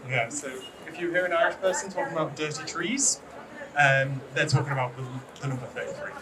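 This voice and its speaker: A man's voice: on the high side, brisk, recorded from a distance, a crowd in the background, poor audio. A man with a British accent teaching English pronunciation to a classroom, chatty and teasing, with lots of ums. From Britain. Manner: chatty, hesitant with frequent ums, playfully teasing. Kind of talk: classroom lesson.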